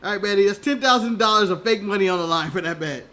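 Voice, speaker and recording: Co-host, US man, very high and bright voice, jokey and quick to laugh. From United States. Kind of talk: casual live-stream chat.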